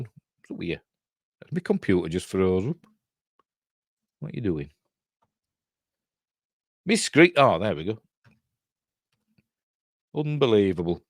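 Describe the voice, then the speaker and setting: Chatty and rambling, this middle-aged Yorkshire-accented host from Yorkshire, England breaks down a film casually and responds to live chat from viewers. He has a deep voice, captured in a dry, clean studio recording.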